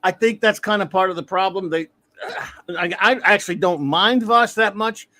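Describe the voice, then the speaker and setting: Middle-aged guy rambling thru a review chat, kinda high voice, keeps restarting his sentences. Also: moderate pace, pushed and bright. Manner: rambling, self-correcting, chuckles often. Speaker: podcast host.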